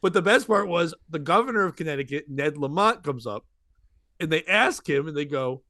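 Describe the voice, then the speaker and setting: In a dry recording, a man with a highish voice hosts a podcast and, at a moderate pace, works through a long comic tale. He's a comedian who animatedly voices the people he quotes, keeping it a chatty storytelling session.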